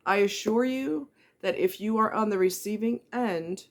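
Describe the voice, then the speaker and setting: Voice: mid-range voice, normal speed. Middle-aged vlogger, earnest and blunt, talks straight to the viewer with pointed questions. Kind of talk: candid personal monologue.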